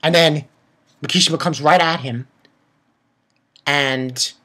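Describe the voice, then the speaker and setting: A man giving an excitable, profane casual recap of an anime episode, with lots of restarts. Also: fairly high pitch, slow. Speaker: anime reviewer.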